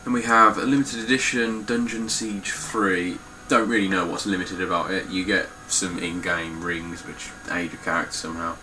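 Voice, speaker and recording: A man's voice: sits low, steady tone, normal speed, few pauses, pushed and bright, slight background noise, rough recording. A young man talking casually through his game collection, blunt and swearing freely. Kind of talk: casual spoken collection walkthrough.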